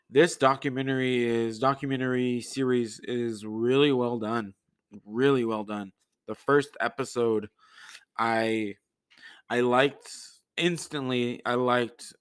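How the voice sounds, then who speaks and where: A man hosts a relaxed solo podcast, wandering a little in his chat and often using fillers or starting over. His medium-pitched voice is a bit bright and clean.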